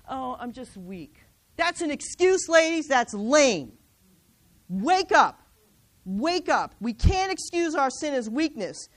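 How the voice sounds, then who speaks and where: A middle-aged woman preaching a sermon to a women's gathering, exhorting with rhetorical questions and reading scripture aloud. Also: high-pitched. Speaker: women's ministry speaker.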